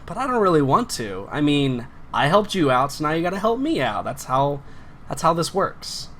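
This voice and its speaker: A man's voice: a little high, big pitch swings, normal speed, a bit bright, slight background noise. Pushy, oily guard hitting on someone, done by a male game master. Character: smarmy male security guard flirting pushily.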